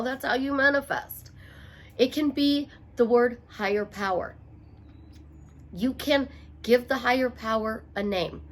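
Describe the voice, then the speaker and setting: A middle-aged woman coaches her listeners in a motivational talk. Her voice sits a little high, and she drives each point home by repeating it. Playful asides break up the emphatic delivery. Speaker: life coach.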